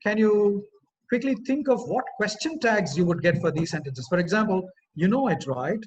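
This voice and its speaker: A man's voice: high-pitched, normal speed. A man with an Indian English accent giving an earnest webinar lecture to students, talking with frequent fillers and asking the audience questions, over a dull lo-fi online line. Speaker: communication skills trainer. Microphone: video call.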